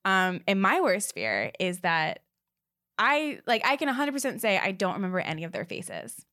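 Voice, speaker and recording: A young woman hosting a casual podcast, chatty and quick, with plenty of filler words. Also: mid-range voice, sing-song, sharp tone, no room sound, clean studio sound. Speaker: podcast host.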